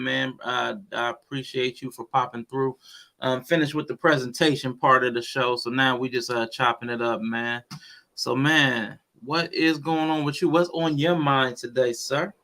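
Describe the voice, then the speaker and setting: A man hosting a casual stream chat, talking quickly and restarting his sentences as he greets people. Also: medium pitch, fairly bright tone. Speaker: host.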